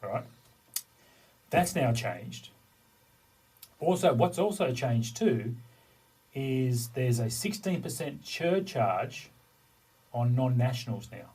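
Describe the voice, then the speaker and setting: A middle-aged man rambles through a story in loose, easy podcast chat, swearing here and there. His voice is slightly husky and sits a little back from the microphone. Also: medium pitch, very animated, takes it slowly, long pauses, darkish tone, distant mic, poor audio. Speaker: podcast co-host. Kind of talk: casual chat.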